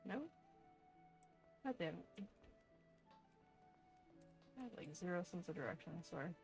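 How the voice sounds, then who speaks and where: A woman's voice: on the low side, lively intonation, unhurried, vocal fry, a little mellow, faint music behind. A young woman chatting casually to her stream while playing a game, laughing and swearing as she goes. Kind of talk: casual live-stream chat.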